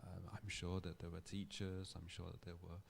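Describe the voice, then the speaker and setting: A man giving a public lecture, telling a story in a thoughtful, measured way with small restarts. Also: sits low, flat delivery, creaky, slight background noise. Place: lecture hall.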